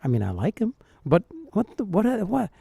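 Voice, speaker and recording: A man, a dialect coach, reacting to film clips and thinking aloud in a puzzled, animated way. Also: sits high, moderate pace, vocal fry, husky, no room sound, studio quality. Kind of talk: reaction commentary.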